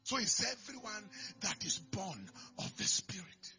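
A man preaching a sermon, moving from quiet storytelling to loud shouted declarations. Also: high-pitched, very animated, a little slow. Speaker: pastor. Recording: dull lo-fi recording with faint music.

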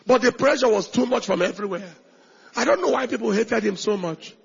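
A male pastor preaching a sermon with emphasis, shifting between shouted lines and hushed asides. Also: high voice, fairly quick, gravelly, husky, muffled recording.

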